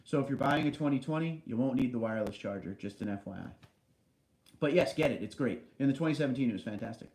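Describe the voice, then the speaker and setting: A man hosts a relaxed livestream, reading out viewer comments and chatting back at them. His voice sits at an ordinary middle pitch. It rings with the echo of a big basement room. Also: fast. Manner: chatty, reads comments aloud and answers them. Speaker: livestream host. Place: large basement room indoors.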